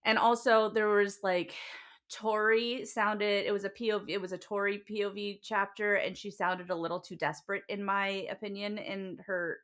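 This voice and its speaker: A woman's voice: medium pitch, level tone, moderate pace, a bit bright. A woman co-hosting a podcast, talking casually about books in a rambling way, with lots of fillers, restarts and some swearing. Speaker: podcast co-host. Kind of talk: casual book chat.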